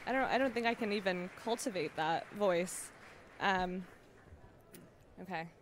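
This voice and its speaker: A woman, a social entrepreneur, improvising a pitch for her company with self-deprecating giggles. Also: normal speed, slight background noise. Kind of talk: improvised movie trailer pitch. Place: event hall with an audience.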